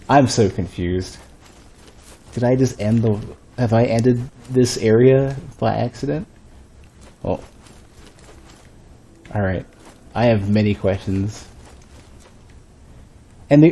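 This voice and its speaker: A man's voice: medium pitch, dark tone, slightly rough. A man streaming a game, thinking aloud and rambling in a casual, self-mocking way. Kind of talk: casual gameplay commentary.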